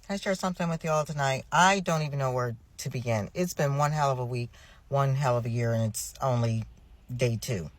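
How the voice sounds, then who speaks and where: A middle-aged woman caregiver venting in an exasperated, rushed way, often restarting her sentences. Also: very deep voice, dry recording. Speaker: family caregiver. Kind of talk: emotional personal venting.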